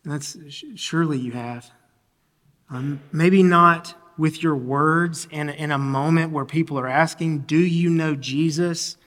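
A man preaching a sermon as a pastor. He speaks earnestly, often repeats or restarts his words, and clears his throat from time to time. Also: a little high, fairly even intonation, unhurried, a bit bright, long reverb tail.

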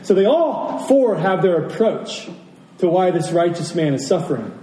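A man's voice: high-pitched, big pitch swings, moderate pace, mellow, a little hiss or hum. A man preaching a sermon as pastor, emphatic, asking rhetorical questions and repeating key phrases. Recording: roomy, distant from the mic, faint ambience.

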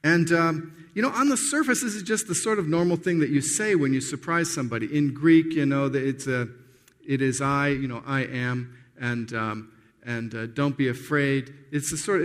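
A man of middle pitch preaching a sermon with a conversational, earnest delivery. He often restarts his sentences as he works through a point. His voice carries a long reverb, as if recorded in a church hall. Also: moderate pace.

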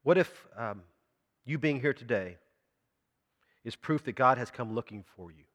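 A man's voice: medium pitch, animated, measured pace, fairly bright tone, big-room sound. A man preaching a sermon in a church, talking conversationally and asking the congregation questions. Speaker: pastor.

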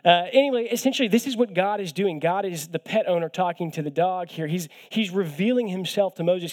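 Young male guest preacher, slightly high voice. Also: darkish tone. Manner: conversational with light self-deprecating humor, often repeats words. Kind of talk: sermon.

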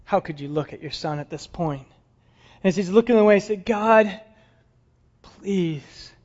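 High-voiced male preacher telling a story. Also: fast talker. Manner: dramatic storytelling, dropping to hushed tones. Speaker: pastor. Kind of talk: sermon. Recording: dull lo-fi sound.

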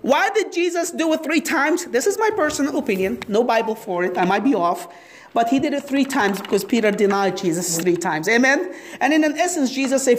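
A woman's voice: high voice, brisk, a little hiss or hum. A woman preaching a sermon, asking the audience questions and acting out the story. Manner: animated, asks the audience questions.

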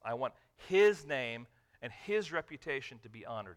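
A man preaching a sermon as a pastor, repeating key lines, asking the listeners questions, and swinging between loud emphasis and quiet, drawn-out phrases. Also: mid-range voice, big pitch swings.

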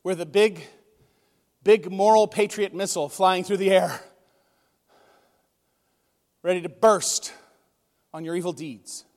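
High-voiced man preaching in a reverberant hall. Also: steady tone, slow pace, long pauses, darkish tone. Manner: conversational, emotional storytelling. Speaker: pastor. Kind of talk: sermon. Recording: long reverb of a large hall.

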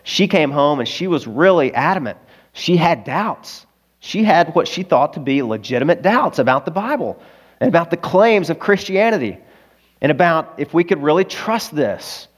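A male pastor with an Arkansas accent, preaching a sermon in an earnest, confessional storytelling manner that rises to loud, emphatic peaks. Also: on the high side, sing-song, normal speed.

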